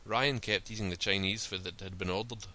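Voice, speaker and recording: A man narrating a story in a steady, plain reading style. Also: lowish voice, a little fast.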